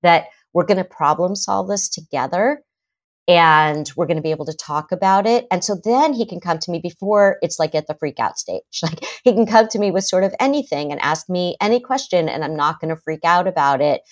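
Animated woman therapist, lowish voice. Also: fairly quick. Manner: animated, acts out parents' voices in quotes. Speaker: psychotherapist guest. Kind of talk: conversational podcast interview.

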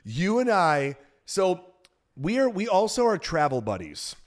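Male podcast host, slightly high voice, lively and teasing; casual chat. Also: a little slow. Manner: teasing, animated storyteller.

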